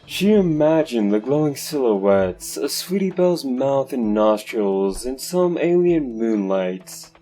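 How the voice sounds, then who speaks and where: A man narrating a horror story slowly and dramatically. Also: mid-range voice, big pitch swings, warm tone, soft background music. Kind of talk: dark horror story reading.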